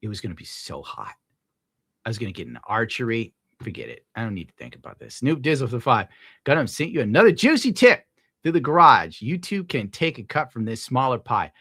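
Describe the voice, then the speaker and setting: Speaking briskly with big pitch swings, this young streamer has a medium-pitched, somewhat bright voice with a breathy edge, in a dry studio-quality recording. He reads out viewer tips during casual livestream chat, ranting, swearing a lot and getting worked up.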